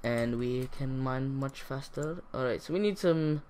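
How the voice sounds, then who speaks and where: A man's voice: mid-range voice, a little slow, slight background noise. Rambling young man narrating his game. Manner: chatty, rambling, bursts of excitement. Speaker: gaming YouTuber. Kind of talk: casual let's-play commentary.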